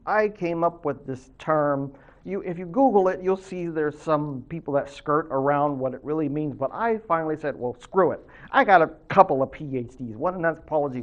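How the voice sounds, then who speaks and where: A man's voice: a little high, highs cut off. A man speaking as a college professor in a recorded lecture, chatty and full of joking asides.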